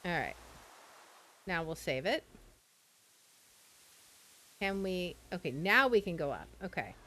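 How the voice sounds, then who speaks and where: Slow, unhurried woman streamer. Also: on the low side, very animated, bright, forceful tone, a little hiss or hum. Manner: unhurried, thinking aloud, tentative. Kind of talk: casual game commentary.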